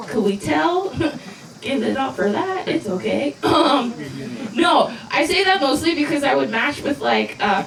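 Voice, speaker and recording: A woman from Colorado doing a stand-up set, casual and self-deprecating, with quick reassuring asides. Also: sits high. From Colorado, USA. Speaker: stand-up comedian. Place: outdoor backyard show. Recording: echoey live crowd recording from far off. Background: audience laughing.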